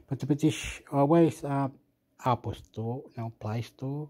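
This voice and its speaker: A man's voice: mid-range voice, fairly even intonation, moderate pace, dark tone. A man rambling to himself while reviewing an app, mumbling and getting annoyed at it. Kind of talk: rambling screen-recording chat.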